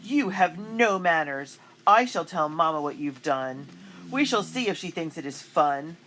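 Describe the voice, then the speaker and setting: A woman's voice: low-pitched, lively intonation, moderate pace, pitched above the performer's own voice, rough recording. A woman voicing a haughty, spiteful older girl in a storybook reading, speaking in a mean, sneering way.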